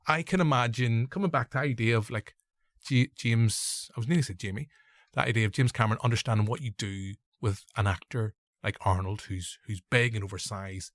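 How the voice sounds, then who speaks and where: A man's voice: medium pitch, brisk, dry recording, studio quality. A young man with a Northern Irish accent hosting a casual film review podcast, rambling and correcting himself with joking asides. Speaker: podcast host.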